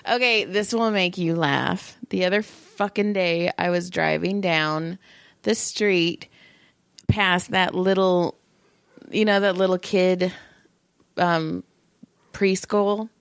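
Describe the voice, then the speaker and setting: A woman's voice: on the low side, slow pace, vocal fry, pauses often, smooth, no echo. A middle-aged woman co-hosting a podcast, telling stories with lots of swearing and acting out the people she quotes. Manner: profane, animated storytelling with put-on quoted voices. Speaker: podcast co-host. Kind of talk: casual chat.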